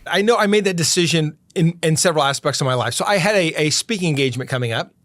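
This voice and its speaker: Middle-aged guy, earnest and emphatic, kinda high voice, dry close sound. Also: animated, a bit bright, no room sound. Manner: earnest, emphatic, slows to stress key points. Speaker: podcast host and lawyer. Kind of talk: reflective interview answers.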